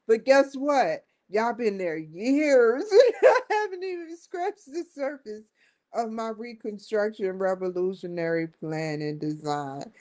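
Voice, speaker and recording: A woman's voice: a little high, animated, measured pace, a little mellow. A woman hosting a casual vlog, talking straight to her viewers in a chatty way and often breaking into laughter. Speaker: vlogger and show host. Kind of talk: casual vlog talk to camera.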